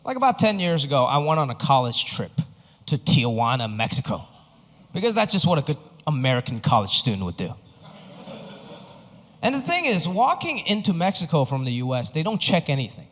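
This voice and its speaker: A stand-up comedian from Hong Kong in his thirties, performing an animated, exaggerated set on a theater stage. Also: on the high side. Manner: animated, exaggerated, quick punchlines. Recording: stage mic in a reverberant hall.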